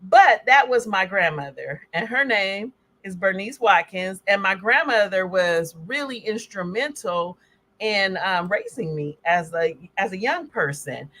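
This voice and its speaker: A woman gives a slide presentation on health in a lively, conversational way. She acts out small scenes and talks straight to her listeners. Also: mid-range voice, a little slow. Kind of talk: presentation talk.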